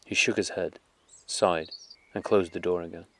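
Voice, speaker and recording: Low-voiced man reading an audiobook. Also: slight background noise. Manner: measured, calm, unhurried reading. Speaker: audiobook narrator. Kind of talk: audiobook narration of a classic novel.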